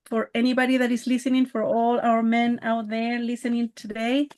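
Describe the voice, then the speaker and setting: Woman hosting, slightly high voice. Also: flat delivery, normal speed, a little mellow. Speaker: podcast host. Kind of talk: casual interview chat.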